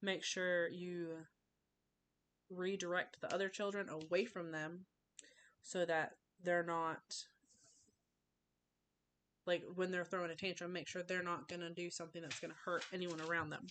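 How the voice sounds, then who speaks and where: A woman's voice: on the low side, flat delivery, unhurried, long pauses, a bit bright, a little hiss or hum. A young woman giving an informal class speech over a webcam, casual and full of fillers and restarts.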